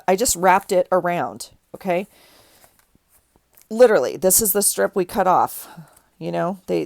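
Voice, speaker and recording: A woman's voice: on the low side, a little mellow, no room sound. Stuffy middle-aged woman chatting while crafting. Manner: chatty, rambling, with frequent restarts. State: stuffy nose from crying. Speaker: crafting vlogger. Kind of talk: casual craft tutorial chat.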